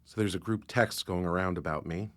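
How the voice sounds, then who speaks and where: A man's voice: sits low, brisk, fairly bright tone, slight background noise. A man performing a young man shaken after being outed, in a tense spoken-word delivery. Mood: anguished.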